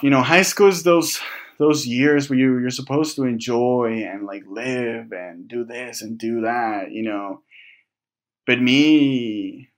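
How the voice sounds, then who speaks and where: Halting, reflective young man. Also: medium pitch. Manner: halting and reflective, many restarts and fillers; swears casually. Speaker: vlogger. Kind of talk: candid personal storytelling to camera.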